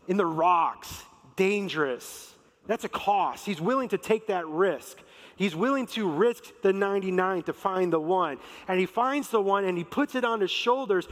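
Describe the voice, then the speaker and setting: A man preaching a sermon in a conversational, emphatic way, acting out quotes. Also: high voice. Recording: long reverb of a large hall.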